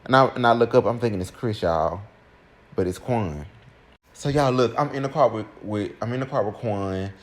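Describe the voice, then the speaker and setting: A young man telling a personal story to his viewers in a casual, animated way, speaking straight to his audience. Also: on the low side, moderate pace. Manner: animated, keeps addressing listeners directly. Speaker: storytime vlogger.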